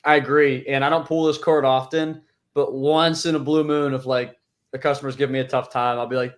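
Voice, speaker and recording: A man hosting a casual interview, telling animated stories and acting out the people he quotes. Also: medium pitch, fairly quick. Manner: animated storyteller, acts out quoted voices. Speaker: host.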